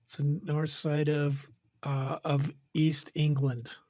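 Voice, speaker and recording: A man co-hosting a casual comedy podcast, delivering dry, deadpan jokes. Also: a little high, no room sound. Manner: dry, deadpan jokes, drawn-out name reading. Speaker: podcast co-host. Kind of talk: casual chat.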